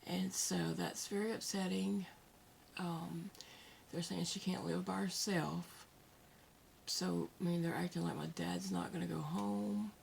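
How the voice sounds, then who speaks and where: Soft-spoken gravelly Southern woman. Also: lowish voice, lively intonation, slight background noise. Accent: Southern American. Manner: soft-spoken, candid, with pauses and fillers. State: emotional after crying. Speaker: vlogger. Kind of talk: casual vlog talk to camera. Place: at home, indoors.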